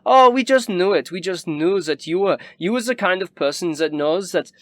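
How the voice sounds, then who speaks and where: A man voicing a snobbish, cruel rich nobleman who gushes in a high, giddy voice. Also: lively intonation, moderate pace, a bit bright, dry recording. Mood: gushing.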